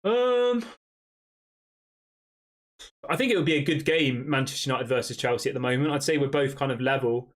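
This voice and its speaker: A man's voice: medium pitch, fast, few pauses. A young man chats through a live football stream, reading out viewers' messages and answering them. His talk is loose and conversational, full of "um" and "yeah" as he thinks aloud. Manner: conversational, reads chat questions aloud, frequent fillers. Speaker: live stream host reading fan chat. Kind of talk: casual match reaction live stream.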